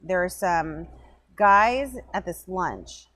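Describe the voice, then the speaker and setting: A woman's voice: on the low side, lively intonation, slow pace, a bit bright. A woman co-hosting a casual podcast from a hotel lobby, playful and joking, often cutting in. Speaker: podcast co-host. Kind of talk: casual chat.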